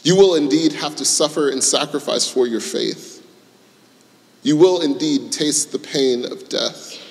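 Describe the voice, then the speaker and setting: A male pastor with a fairly high voice, preaching in a relaxed, conversational storytelling way. Long reverb from a church auditorium hangs after his words. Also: unhurried, gravelly. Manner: conversational storytelling, acting out quotes. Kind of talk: sermon.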